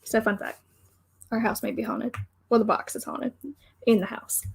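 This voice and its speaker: A woman's voice: a little high, fairly even intonation, moderate pace, creaky, husky. A young woman co-hosting a casual live stream, telling a story playfully and giggling. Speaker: co-host, daughter of the other host.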